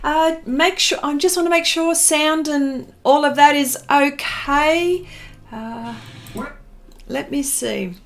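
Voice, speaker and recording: A woman's voice: sits high, slow. An Australian woman hosting her art livestream, chatting casually and greeting viewers by name. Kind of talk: casual live-stream chat. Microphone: desk microphone.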